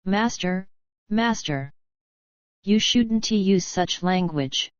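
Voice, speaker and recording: A woman's voice: medium pitch, expressive, very slow, clean tone, dry recording. A woman voicing a pious male cobbler who pleads and quotes Scripture, in a dry, slightly dull recording. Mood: reproachful. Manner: pleading, preachy.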